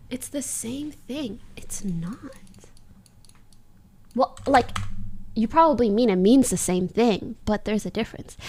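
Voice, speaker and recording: Lively, slow-talking woman streamer. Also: on the high side, slight background noise. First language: English. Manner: playful, laughs often, repeats phrases aloud. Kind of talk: casual livestream chat, practicing phrases.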